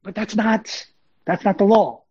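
A man's voice: high voice, measured pace, darkish tone, slightly rough, dry recording. A man preaching a sermon in a conversational, emphatic way, full of fillers and asides. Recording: dull lo-fi sound.

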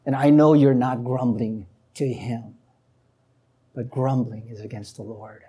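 A woman preaching a sermon who reads scripture aloud and asks the listeners questions. She climbs to emphatic peaks, then drops low and quiet. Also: fairly even intonation, unhurried, husky.

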